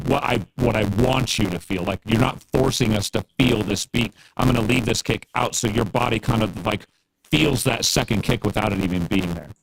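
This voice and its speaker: A man's voice: medium pitch, creaky, a little hiss or hum, rough recording. A man chatting casually on a livestream as a guest music producer, earnest and encouraging, rambling with fillers.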